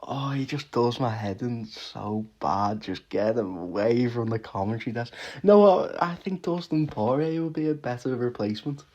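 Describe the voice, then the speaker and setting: A man giving a casual, swear-heavy reaction rant about fights, with frequent laughs and quick restarts. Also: mid-range voice, expressive, darkish tone. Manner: swears constantly, laughs often, rants with restarts. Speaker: MMA reaction vlogger.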